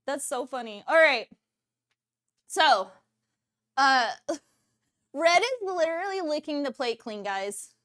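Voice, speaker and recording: Casting: bubbly woman cooking streamer, high voice, laughs a lot. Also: lively intonation, takes it slowly, pauses often, a bit bright. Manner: bubbly, laughs often, reacts to chat. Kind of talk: casual livestream chat with viewers.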